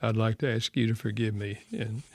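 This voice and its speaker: A man's voice: lowish voice, steady tone, brisk, no echo. An older man with a Southern American accent, hosting a radio talk show, telling a personal story in an earnest, reflective way. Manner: earnest, reflective, softening to quiet. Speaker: radio show host and author.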